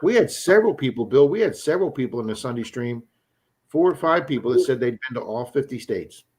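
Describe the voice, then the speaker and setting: A man from Florida chats casually as host of a live stream. He tells long, rambling stories at an ordinary pitch and often repeats his first words before finishing a thought. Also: animated, fast talker, darkish tone, husky. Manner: rambling storyteller, repeats words when starting sentences.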